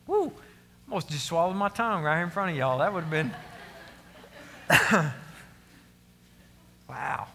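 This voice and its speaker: A man's voice: a little high, pushed and bright, in a large hall. A man preaching a sermon to his congregation, earnest and emphatic, repeating his key phrases. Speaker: pastor.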